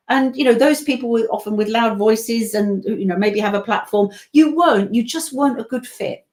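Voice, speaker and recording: A woman's voice: a little high, brisk, a little mellow. A British woman who works as a voice-over narrator, chatting as a guest in a casual interview, talking in long rambling stories full of asides. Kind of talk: casual video-call interview.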